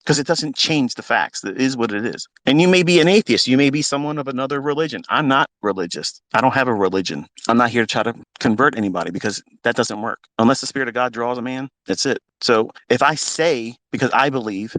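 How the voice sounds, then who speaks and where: A middle-aged man, a trading mentor, giving a blunt, swearing, preachy rant into a phone, with big swings in pitch and pace. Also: fast, hardly any pauses, a bit bright, no room sound, low-quality recording. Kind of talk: unscripted motivational rant.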